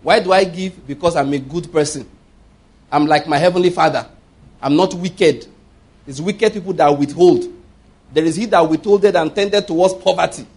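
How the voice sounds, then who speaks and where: Nigerian pastor, 50s, husky and kinda high, super emphatic sermon, keeps going "you get my point?". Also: male voice, normal speed, darkish tone. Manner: emphatic, keeps checking the congregation understands.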